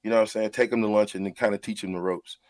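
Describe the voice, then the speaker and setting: A man's voice: on the low side, steady tone, rapid-fire, a little mellow, no room sound. A man who is a radio show host, talking in an earnest, heartfelt way about mentoring and often repeating his words as he goes.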